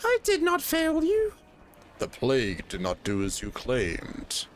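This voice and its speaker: A man voicing a shrill, high-pitched male servant of a dark lord in a strained falsetto, read aloud from a video game. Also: huge pitch swings, slow, slight background noise. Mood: pleading.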